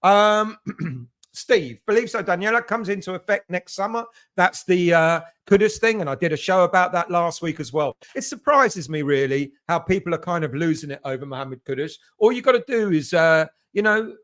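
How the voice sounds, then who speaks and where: A middle-aged man from England hosts a casual live stream for fans, reading out viewer comments one after another. His voice sits fairly high for a man. He talks in a loose, friendly way, greets each viewer as mate, and fills his sentences with ums and uhs. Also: expressive, moderate pace, a bit bright. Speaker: host of a fan live stream.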